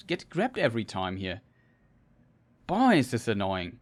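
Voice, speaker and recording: A man's voice: lowish voice, wildly swooping pitch, unhurried. A man doing gameplay commentary, ranting in frustration and stumbling over restarts as he plays. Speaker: gamer.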